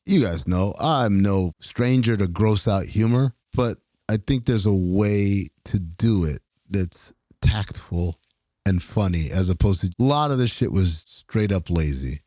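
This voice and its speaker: A man's voice: deep voice, unhurried, dry recording, studio quality. A man co-hosting a film podcast, joking and arguing his picks in casual chat. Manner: joking, animated, argumentative. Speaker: podcast co-host.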